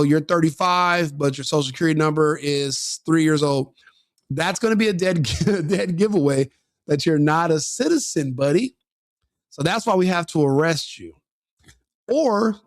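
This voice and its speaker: A man's voice: fairly high pitch, no echo. Brash, mocking man on a dry mic. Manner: brash, mocking and combative, laughing at his own jokes. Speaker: online commentator reacting to a video. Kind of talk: profane reaction commentary.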